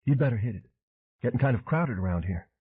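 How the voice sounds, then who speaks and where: A man's voice: medium pitch, expressive, fast, breathy edge, pitched above the performer's own voice. A man voicing a tense young woman speaking in urgent, clipped lines in an audiobook. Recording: tinny phone-like audio.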